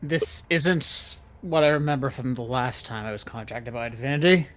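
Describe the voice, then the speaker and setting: A man's voice: medium pitch, normal speed, fairly bright tone. A man playing in a tabletop game, speaking in a laid-back way. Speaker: player. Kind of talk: casual tabletop play.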